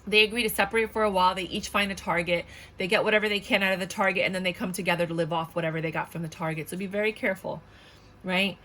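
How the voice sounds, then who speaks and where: A woman's voice: fairly low pitch, steady tone, very fast, bright, forceful tone. Blunt, outspoken woman tarot reader. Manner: blunt and outspoken, swears often; emphatic and indignant, repeats points. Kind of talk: casual tarot reading for viewers.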